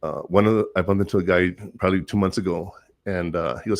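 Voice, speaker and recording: A man's voice: on the low side, fast, darkish tone, dry recording, studio quality. A middle-aged man, a teacher and counselor, telling earnest stories in a rambling casual monologue full of fillers.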